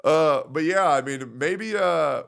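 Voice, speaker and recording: A young man streaming and telling a story to his chat in a loud, animated way, laughing at his own jokes. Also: medium pitch, normal speed.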